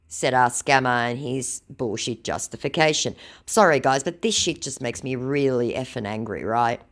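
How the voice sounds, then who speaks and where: A woman's voice: rumbling low, moderate pace, hardly any pauses. A woman baiting scammers, reading out a chat exchange with sarcastic, mocking and heated remarks. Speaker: scam baiter.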